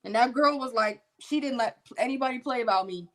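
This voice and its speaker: Bright, animated young woman storyteller. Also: a little high, a little fast. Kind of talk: casual testimony storytelling.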